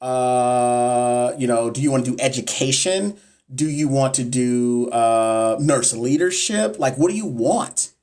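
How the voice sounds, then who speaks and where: A young man talks loosely to his live-stream viewers as a nurse educator. His voice sits at an ordinary pitch, and he is blunt, profane and fond of repeating a point for emphasis. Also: a little slow, darkish tone. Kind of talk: casual live-stream chat answering viewers.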